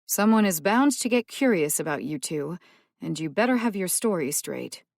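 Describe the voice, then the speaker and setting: Woman narrator doing a strict bossy guardian lady, firm lecturing tone, lowish voice. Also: expressive, moderate pace, vocal fry, a little mellow, no room sound, studio quality. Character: stern, practical adult woman guardian. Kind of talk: audiobook character voice.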